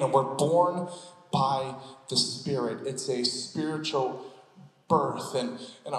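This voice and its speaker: A man's voice: mid-range voice, a bit bright. A male pastor preaching a sermon, joking and acting out scenes in funny voices before going back to teaching. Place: church sanctuary. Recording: echoey hall, long reverb.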